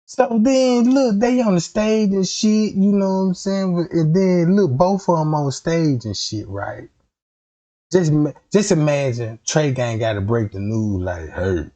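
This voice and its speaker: A man's voice: fairly high pitch, lively intonation, unhurried, warm tone. A man in a casual comedic rant, profane and rambling, jumping into quoted voices, on a dull lo-fi recording.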